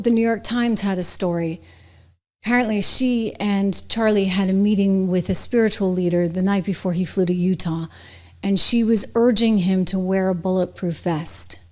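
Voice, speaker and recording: A woman's voice: mid-range voice, darkish tone. Indignant woman host delivering political commentary. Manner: indignant, emphatic, talks to viewers directly. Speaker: show host.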